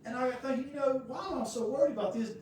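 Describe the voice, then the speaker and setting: Preacher guy, fairly high voice, telling a story real folksy, big echoey church room, mic kinda far off. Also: rapid-fire, a little mellow, a little hiss or hum. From United States. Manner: folksy, conversational, rambling with restarts. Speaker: pastor. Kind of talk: storytelling sermon. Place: church sanctuary. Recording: very echoey room heard from afar.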